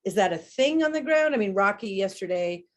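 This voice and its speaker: A woman teaching about horse behavior in a webinar conversation, talking in an animated way and demonstrating sounds as she explains. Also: medium pitch, a little fast.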